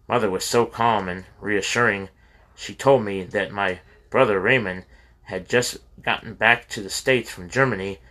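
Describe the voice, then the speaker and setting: Man reading a memoir aloud, bright tone. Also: lowish voice. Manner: plain, steady reading with small slips and restarts. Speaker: audiobook reader.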